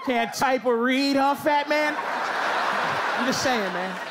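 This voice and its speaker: A middle-aged man works a comedy club crowd with a loud, teasing delivery. His voice sits very high for a man. The live recording is thick with audience laughter and background noise. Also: expressive, takes it slowly. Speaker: stand-up comedian. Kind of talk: stand-up set with crowd work.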